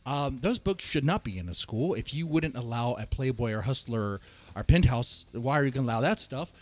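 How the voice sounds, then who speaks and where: A man hosting a ranting commentary show, heated and emphatic, who repeats himself and restarts his sentences and sometimes rises to a shout. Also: mid-range voice, expressive, brisk. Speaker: host of a reaction and rant channel.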